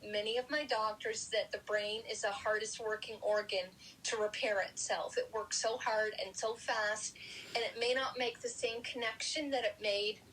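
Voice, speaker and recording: A woman guest on a podcast interview, retelling personal experiences in a lively, animated way. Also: on the high side, moderate pace, slight background noise, poor audio.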